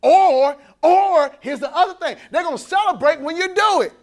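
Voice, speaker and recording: A man with a high-pitched voice preaching a sermon at a men's conference. He talks in a loose, colloquial way and acts out the people he quotes. He laughs between his points. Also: expressive, moderate pace. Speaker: pastor.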